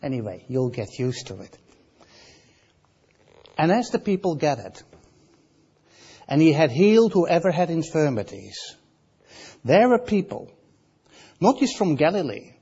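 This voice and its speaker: A man preaching with a Dutch accent, his voice pitched high for a man and rising and falling a great deal. He delivers the sermon at an unhurried pace, moving from loud, stressed phrases to hushed asides. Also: very animated, breathy edge, lo-fi sound. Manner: dramatic swings between loud emphasis and soft asides.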